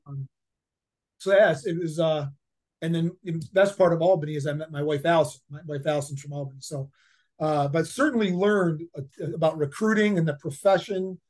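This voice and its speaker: Rambling fifties man, slightly high voice. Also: fairly even intonation, moderate pace, darkish tone. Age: 50s. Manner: rambling, repeats words, many fillers. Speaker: head football coach, guest. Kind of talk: casual interview storytelling.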